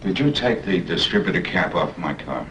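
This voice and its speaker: An actor playing an older homeowner who sounds stern and commanding and sometimes swings up into pleading, in 1970s TV movie acting with a hissy old soundtrack. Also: male voice, deep voice, expressive, normal speed, fairly bright tone, poor audio. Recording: old TV film sound with hiss.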